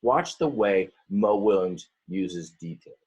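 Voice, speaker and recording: Animated, husky-voiced male teacher. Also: deep voice, takes it slowly. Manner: animated, stretching words and acting out story voices; stops often to explain and talk to the class. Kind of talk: reading a picture book aloud to students.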